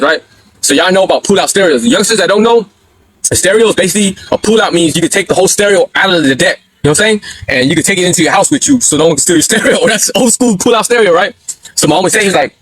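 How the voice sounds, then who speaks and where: A man telling a rowdy story on his livestream in casual slang, swearing freely and acting out the shouts and voices of the people in it. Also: high voice, breathy edge, dry recording. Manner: animated, acts out quotes with yelps and laughs. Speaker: livestream host.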